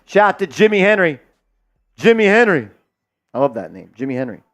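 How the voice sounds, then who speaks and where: A man hosting a live sports watch-party stream, hyped and loud as he shouts out viewers' donations and calls the game. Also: high voice, sing-song, a little fast.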